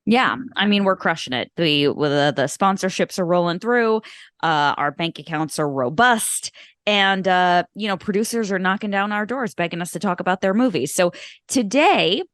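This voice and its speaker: A woman in her thirties co-hosts a film podcast, rambling casually with lots of fillers and self-deprecating asides. Her lowish, fairly bright voice has lively intonation at a moderate pace. The studio-quality recording has no echo.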